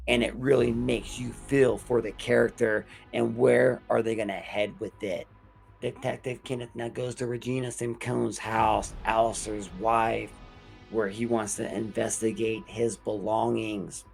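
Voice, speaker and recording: A man's voice: fairly low pitch, vocal fry. A man hosting a horror review show, recapping an episode in a casual, profane storytelling way.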